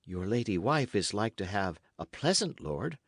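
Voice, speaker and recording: A man voicing a timid, gentle young runaway who pleads softly and anxiously in an old-fashioned storybook tale. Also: fairly low pitch, very animated, moderate pace, no echo, clean studio sound. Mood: pleading. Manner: soft, anxious, imploring.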